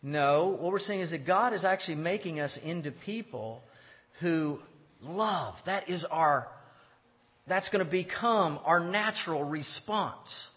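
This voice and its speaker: A man's voice: a little high, expressive. Man lecturing in a reverberant hall. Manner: measured, explaining with pauses and restarts. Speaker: teacher. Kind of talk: theology lecture. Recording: dull lo-fi sound with long hall reverb.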